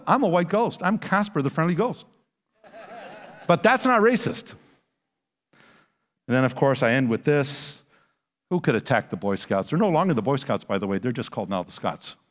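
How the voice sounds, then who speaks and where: A man giving a conference lecture with slides as a Christian apologist, animated and sarcastic, full of rhetorical questions. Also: mid-range voice, fairly quick. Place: church conference hall. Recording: long hall reverb.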